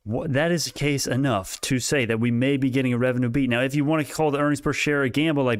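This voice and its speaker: A man hosting a live stock market stream, talking excitedly, laughing often and restarting his sentences, a little out of breath. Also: medium pitch, fast talker, few pauses, clean tone, no room sound, studio quality. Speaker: stock market livestream host. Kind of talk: casual livestream talk.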